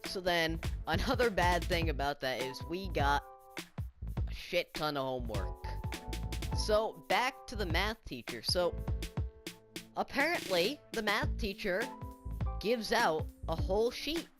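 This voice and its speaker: Slow, indignant female vlogger ranting. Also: lowish voice, lively intonation, music in the background. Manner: indignant, incredulous, swears often. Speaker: student vlogger. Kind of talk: story-time vlog rant.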